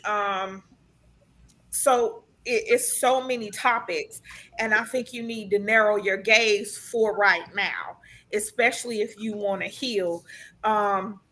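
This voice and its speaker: Bright, chatty woman reading cards. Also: mid-range voice. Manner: chatty and earnest, many ums and restarts. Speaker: tarot card reader. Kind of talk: live casual spiritual reading to a sibling.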